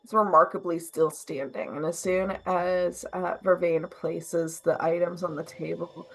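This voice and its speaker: A woman's voice: on the low side, little pitch movement, unhurried, fairly bright tone, rough recording. A woman running a tabletop role-playing game as game master, narrating in a plain, matter-of-fact way.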